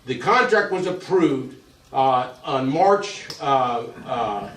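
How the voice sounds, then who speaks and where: A man's voice: mid-range voice, expressive, takes it slowly, a bit bright. Folksy older man lecturing in an echoey hall. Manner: folksy, rambling, repeats himself. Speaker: museum speaker giving a talk. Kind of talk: informal slide lecture to a group. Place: museum hall with an audience. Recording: echoey room, voice from a distance.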